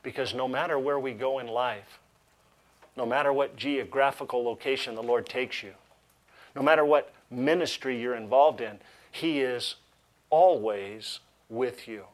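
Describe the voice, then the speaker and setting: A man's voice: medium pitch, unhurried. A male pastor preaching a sermon, reading scripture aloud with emphasis and breaking off for joking asides. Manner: animated preaching with humorous asides.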